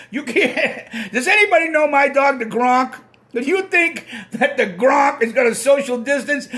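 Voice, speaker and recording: High-voiced ranting Boston man. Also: fairly bright tone. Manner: ranting, swears when worked up. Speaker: live stream host. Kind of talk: casual live-stream chat. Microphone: computer mic on a live stream.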